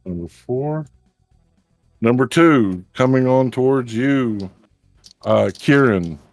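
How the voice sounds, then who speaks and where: A man narrating as game master of a tabletop game, with measured, descriptive narration and casual asides. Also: mid-range voice, expressive, a little mellow, no room sound, faint music behind.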